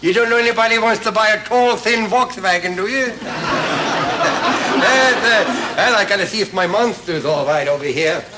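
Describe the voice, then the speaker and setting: A man's voice: sits high, normal speed. A man playing a wacky professor in a 1960s TV comedy sketch, jokey and mugging, with audience laughter. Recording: noisy old TV broadcast recording.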